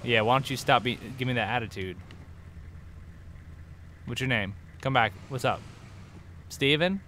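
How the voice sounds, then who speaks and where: A man giving goofy, excitable let's play commentary, trash-talking the game as he plays. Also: mid-range voice, unhurried. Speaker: gaming host. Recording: noisy game-audio mix. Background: game sound effects and vehicles.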